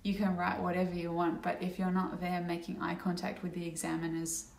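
A woman's voice: lowish voice, flat delivery, fairly quick, gravelly, far from the mic. A young woman vlogging casually to camera, rambling a little with fillers and restarts as she talks through an experience. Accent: Australian. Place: indoor room at home. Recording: echoey room, slightly off-mic.

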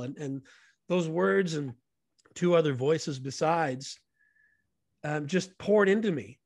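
A man's voice: fairly high pitch, slow pace, long pauses, no echo. A man, a guest on a podcast, telling stories in an earnest and enthusiastic way. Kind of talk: casual storytelling conversation.

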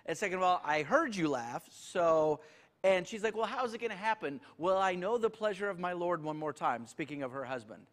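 A man's voice: high-pitched, brisk, a bit bright. A male pastor, leading a church Q&A in a folksy, joking way. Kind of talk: church Q&A teaching.

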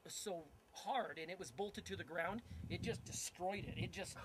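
A man telling an accident story in casual chat, animated and swearing often, repeating himself as he goes. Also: sits high, normal speed. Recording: heavy background noise.

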